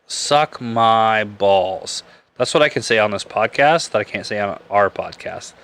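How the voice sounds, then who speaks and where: On a casual live beer podcast, the Nebraska host rambles and tells crude jokes, laughing frequently. His voice sits on the low side and sounds a bit bright, animated, and brisk.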